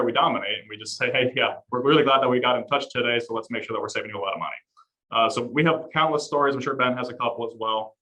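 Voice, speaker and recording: A man working in home security sales, talking as a guest on a panel with eager, quick, repetitive speech. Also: mid-range voice, bright, forceful tone, poor audio. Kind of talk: panel conversation.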